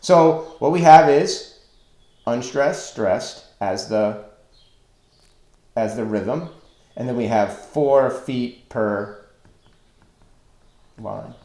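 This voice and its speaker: A man teaching a recorded online lesson on poetic meter, slow and deliberate as he counts out stresses and feet. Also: mid-range voice, mellow. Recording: echoey room.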